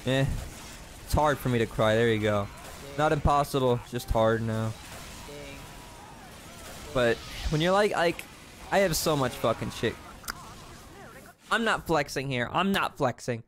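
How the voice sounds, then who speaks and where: A man's voice: mid-range voice, a little slow, pauses often, fairly bright tone. A young man in a rambling, self-deprecating confessional vlog, swearing often while he plays a game at his desk. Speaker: gaming vlogger.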